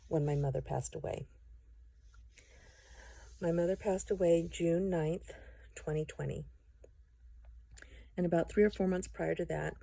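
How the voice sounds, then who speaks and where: A middle-aged woman recounts her testimony with earnest, gentle pacing and soft pauses. Her voice sits a little low and sounds mellow and dark. The recording is close and dry. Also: vocal fry, no echo. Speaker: testimony speaker. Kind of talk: personal testimony to camera.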